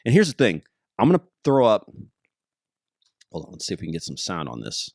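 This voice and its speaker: A man with a very low voice hosts a casual podcast, recorded close and dry. He jokes around, gets excited and keeps wandering off track. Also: a little fast, gravelly, no echo. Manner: excitable, jokey, easily sidetracked. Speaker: podcast host. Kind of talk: casual rambling podcast monologue.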